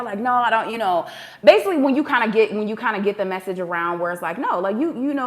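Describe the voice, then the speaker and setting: A woman giving a casual spiritual reading to viewers, chatty and emotional, calling them "y'all" and "baby" and breaking into preaching bursts. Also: medium pitch. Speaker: tarot card reader.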